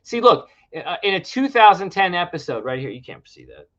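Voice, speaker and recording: A man's voice: sits high, big pitch swings, brisk, a bit bright. A man co-hosting a casual livestream, ranting and sarcastic as he talks. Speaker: livestream co-host. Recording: lo-fi stream audio.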